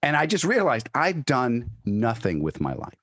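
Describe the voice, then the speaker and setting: A man's voice: medium pitch, wildly swooping pitch, moderate pace, fairly bright tone, dry recording, studio quality. A man, a comedian from New York, chatting in an interview and telling stories with many restarts. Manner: storytelling, restarts often, acts out quoted voices. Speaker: comedian guest. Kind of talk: casual interview chat.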